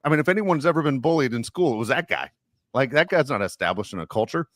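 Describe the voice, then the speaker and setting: A man's voice: mid-range voice, animated, fast, fairly bright tone, no echo, clean studio sound. A man hosting a casual sports podcast, joking and rambling with plenty of fillers. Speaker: podcast host.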